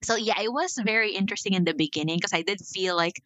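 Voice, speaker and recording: Bright candid woman guest. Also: mid-range voice, no room sound, muffled recording. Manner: candid, talks in quick asides with frequent "like" and laughs. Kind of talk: casual podcast interview.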